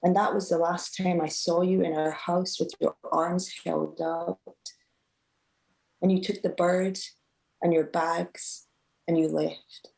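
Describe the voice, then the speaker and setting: A woman, a student poet, reading her poem aloud at a live event with a measured, emotive delivery. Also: lowish voice, little pitch movement, vocal fry, darkish tone, rough recording. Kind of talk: poetry reading.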